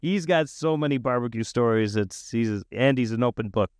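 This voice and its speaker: A man's voice: mid-range voice, moderate pace, clean tone, no echo, studio quality. A man hosting a podcast, chatting casually and affirming his guest. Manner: warm affirming listener, laughs along. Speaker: podcast host. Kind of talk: casual interview chat.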